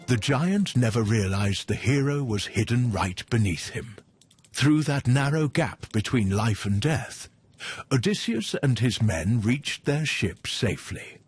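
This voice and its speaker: Slow, lively male storyteller. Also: medium pitch, slightly rough, dry recording. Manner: expressive, drawn-out, emphatic. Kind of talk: dramatic storytelling narration.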